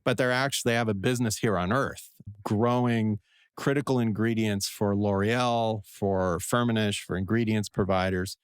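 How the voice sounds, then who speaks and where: A man's voice: lowish voice, fairly even intonation, moderate pace, clean tone, dry recording, clean studio sound. A man, a venture investor and professor, answering interview questions in a digressive, self-deprecating way.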